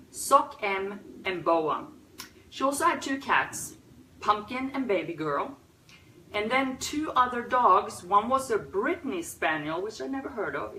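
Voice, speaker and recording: A woman hosting a pet memorial livestream, talking unscripted in a teary, soft-hearted way with sighs and pauses. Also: mid-range voice, slight background noise. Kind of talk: unscripted emotional talk. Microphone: phone or webcam. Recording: roomy echo, a bit far from the mic.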